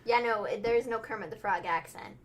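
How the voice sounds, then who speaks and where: A young woman hosting a casual wrestling recap livestream, animated and chatty, laughing easily. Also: mid-range voice, a little fast. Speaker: host.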